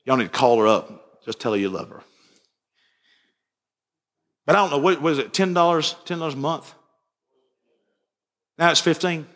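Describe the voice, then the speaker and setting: A man preaching a sermon as pastor, telling stories and moving between quiet asides and raised fervor. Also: on the high side, lively intonation, moderate pace, long pauses. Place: church sanctuary. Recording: church sanctuary with long reverb.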